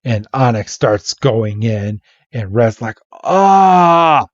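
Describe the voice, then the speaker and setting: Podcast host, man, playful comic recap, unhurried pace, slightly dull lo-fi audio. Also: lowish voice, no echo. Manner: animated, playful storytelling. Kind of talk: casual comic recap narration.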